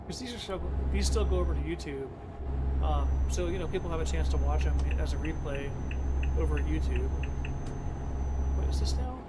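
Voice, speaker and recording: A man with a slightly high voice streams a driving game and chats as he goes. He rambles to himself and to his viewers in a casual way. Loud noise sits behind his voice the whole time. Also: moderate pace, pauses often. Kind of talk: casual live-stream commentary while playing.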